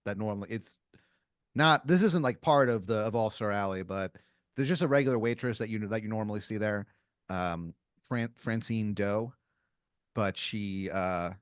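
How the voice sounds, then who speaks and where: A man's voice: on the low side, a little slow, pauses often, smooth, dry recording, clean studio sound. A man co-hosting a comedy podcast, spinning an improvised second-person story in a rambling way, full of fillers and restarts. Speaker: podcast co-host.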